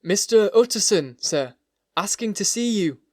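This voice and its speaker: A man's voice: sits high, slow, no echo, clean studio sound, pitched above the performer's own voice. A man voicing a frightened, loyal older male butler whose voice is harsh and broken with dread. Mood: urgent, fearful.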